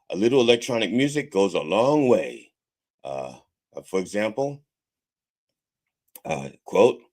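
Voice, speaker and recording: A man hosting a comedic church-style podcast, rambling and swearing with preacher mannerisms. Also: lowish voice. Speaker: host of a mock church podcast. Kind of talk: casual comedic sermon-style talk.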